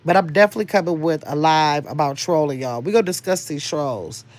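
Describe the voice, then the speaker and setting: A woman's voice: low-pitched, a little fast, a little mellow. An older woman hosting a casual livestream, chatting and rambling as she reads viewers' comments aloud. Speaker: livestream host reading chat.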